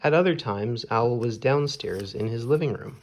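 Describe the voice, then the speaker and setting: A man reading a children's storybook aloud in a slow, measured storytelling manner. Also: mid-range voice. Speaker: storybook reader.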